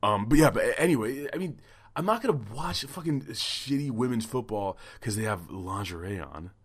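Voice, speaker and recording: A man co-hosting a podcast in casual chat. He swears a lot, rambles, and talks in an animated way. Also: mid-range voice, normal speed, breathy edge. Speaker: podcast co-host.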